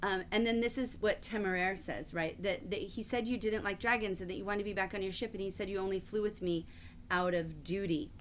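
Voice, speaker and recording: A middle-aged woman teaching a livestreamed literature lesson, chatty and explanatory, often filling pauses with "um" and "like". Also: mid-range voice, fairly even intonation, slight background noise. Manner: chatty, explanatory, frequent fillers like "um" and "like". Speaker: teacher leading a novel study.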